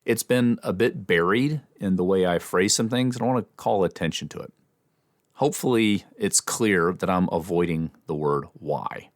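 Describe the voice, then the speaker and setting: A man hosting an instructional podcast, explaining in a measured way with small restarts. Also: deep voice, dry recording, studio quality. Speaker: podcast host and communication trainer.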